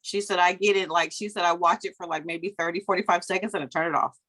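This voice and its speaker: Lively chatty woman coaching over a video call. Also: fairly low pitch, quick pace. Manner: lively, chatty, acts out anecdotes in quoted voices, laughs often. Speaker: business coach. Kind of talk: motivational coaching talk.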